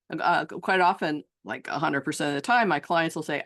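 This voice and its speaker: A woman's voice: deep voice, moderate pace, a bit bright. A middle-aged woman coach giving a reflective solo talk to fellow coaches, earnest and musing, who slips into the voices of clients. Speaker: transformational coach and trainer.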